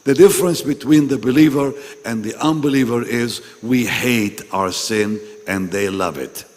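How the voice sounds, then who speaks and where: A man preaching a sermon to pastors, his voice still strained from losing it, swinging between loud calls and hushed asides. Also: mid-range voice, normal speed. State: recovering from a lost voice. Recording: long hall reverb.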